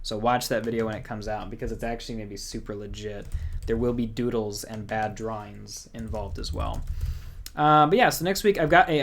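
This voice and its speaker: A man's voice: medium pitch, slight background noise. Chatty young man hosting a livestream. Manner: rambling, chatty, reads out viewer comments. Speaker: music channel host. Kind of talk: casual livestream chat.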